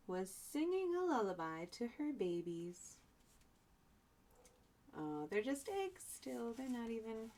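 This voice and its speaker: A woman teacher reads a storybook aloud for young children at an unhurried pace. She stops often for chatty asides and to explain words. Her pitch rises and falls in a lively, expressive way. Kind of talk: reading a picture book aloud to young children.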